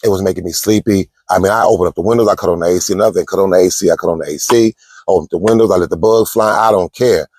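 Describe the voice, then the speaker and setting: A low-pitched man talks casually into a close phone mic from a parked truck. He tells stories and gives trucking advice in a chatty way, calling his viewers y'all. The sound is dry, with no room echo. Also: fast, a little mellow, husky. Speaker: truck driver.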